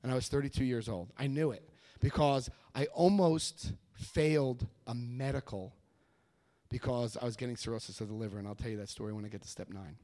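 A man giving a personal testimony at a recovery meeting, telling his story with animated energy and acting out what people said. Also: medium pitch, fairly quick. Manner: animated storytelling, acts out quoted voices. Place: meeting room before a live audience.

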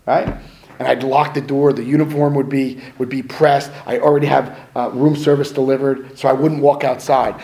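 Gravelly middle-aged man telling stories. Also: medium pitch, poor audio. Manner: conversational, self-mocking, acts out quotes. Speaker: speaker sharing his story. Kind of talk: casual storytelling talk.

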